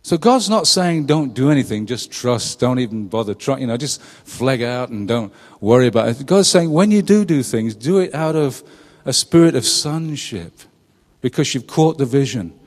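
A middle-aged pastor preaches at normal speed with an animated, medium-pitched voice of darkish tone, the sound filling a big church room. His sermon is conversational, full of questions for the listeners and laughter at his own jokes.

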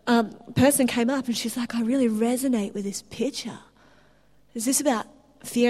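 A woman preaching a sermon, telling stories in an animated way with restarts. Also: mid-range voice. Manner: animated storytelling with laughs and restarts.

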